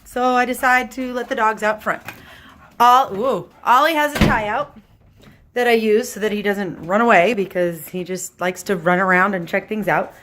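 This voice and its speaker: A woman telling a story to her camera at home, animated, acting out voices and sound effects. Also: medium pitch, moderate pace, a little hiss or hum.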